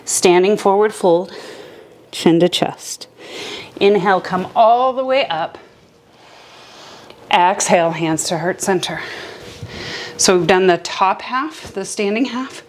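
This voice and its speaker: A young adult woman teaching a beginner yoga class, calmly cueing each breath and movement step by step. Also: medium pitch, takes it slowly, pauses often, a little hiss or hum. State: a little out of breath at times. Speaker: yoga instructor. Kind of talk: guided yoga class instruction.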